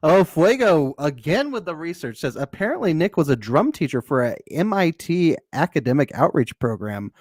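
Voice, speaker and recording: A man's voice: on the high side, sing-song, normal speed, hardly any pauses, no echo, clean studio sound. A man co-hosting a podcast, playfully recapping a show with laughs and mock voices. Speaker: podcast co-host. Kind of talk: casual recap banter.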